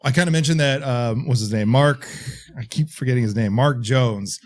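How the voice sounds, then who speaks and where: Relaxed man sharing movie trivia. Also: mid-range voice, normal speed. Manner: relaxed, shares trivia with hesitations. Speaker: podcast co-host. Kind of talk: casual horror movie chat.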